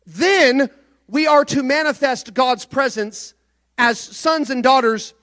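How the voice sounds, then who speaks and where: A male pastor preaching a sermon, moving between soft, low passages and loud, rising exhortation. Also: slow pace.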